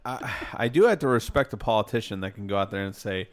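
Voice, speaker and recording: A man's voice: lowish voice, quick pace. A man co-hosting a podcast, chatting casually with short, dry, amused remarks. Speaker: podcast co-host. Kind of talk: casual chat.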